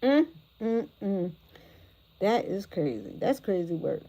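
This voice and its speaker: A woman at mid pitch hosts a livestream reaction commentary. She is animated and exclamatory and keeps addressing her viewers directly. She is picked up by a phone or tablet mic. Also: slow pace, low-quality recording. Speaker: commentary host.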